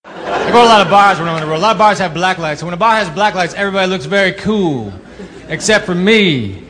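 A male stand-up comedian delivering dry, deadpan one-liners, recorded live at a club with the audience heard. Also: high-pitched, quick pace, big-room sound, background noise. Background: audience laughter.

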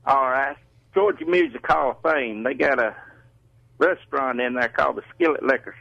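A man's voice: medium pitch, normal speed, creaky, sharp tone, no room sound. A man calling in to a radio show, chatting as he tells a story. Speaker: radio caller. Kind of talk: phone call to a radio show. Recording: muffled phone line.

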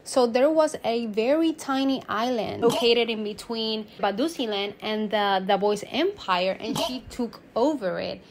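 A woman's voice: a little high, unhurried, few pauses. A woman casually retelling a story in a chatty, dramatic, self-amused way.

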